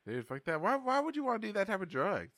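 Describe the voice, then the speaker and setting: A middle-aged man in loose, crude podcast banter. He swears constantly and rambles with a lot of laughter, and his pitch swings widely. The sound is close and dry. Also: very animated, fast, fairly bright tone, no echo. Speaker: podcast co-host.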